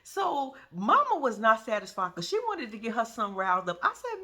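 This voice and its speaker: A woman giving sassy, animated casual commentary, often laughing. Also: high voice, moderate pace, few pauses. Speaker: reality TV recap vlogger.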